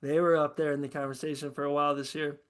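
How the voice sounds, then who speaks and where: High-voiced man on a profane rant. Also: quick pace, clear, resonant tone. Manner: profane, ranting, excitable. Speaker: host. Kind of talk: casual podcast chat.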